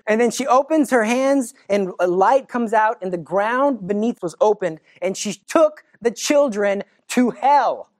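A teacher giving a religious storytelling talk, animated and dramatic, swinging between loud and hushed delivery. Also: mid-range voice, moderate pace, hardly any pauses, dry recording.

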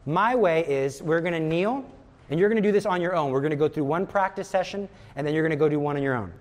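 Emphatic male prayer teacher, high-voiced, earnest. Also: fast. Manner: earnest and emphatic, repeats words for stress. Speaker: religious teacher.

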